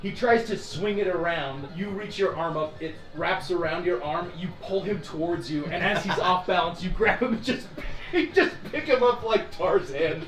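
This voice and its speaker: A man narrating a tabletop game as dungeon master, animated and often laughing. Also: high voice, normal speed. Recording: echoey room with music.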